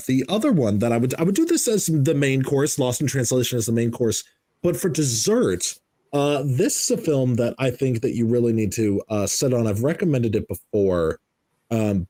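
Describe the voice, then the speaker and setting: A man's voice: mid-range voice, lively intonation, moderate pace, warm tone, no echo. A man hosting a podcast in casual chat, enthusiastic and swearing freely. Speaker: podcast host.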